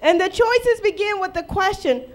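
Woman preacher, very high voice, lively sermon w/ lots of questions, bit of aave. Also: moderate pace. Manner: lively preaching with rhetorical questions and playful acted quotes. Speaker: pastor.

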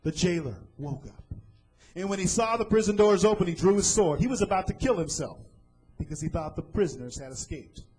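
A man's voice: high-pitched, lively intonation, brisk, a little mellow, slightly rough, faint music behind, poor audio. A man preaching a sermon, retelling a scripture story dramatically and asking the listeners questions.

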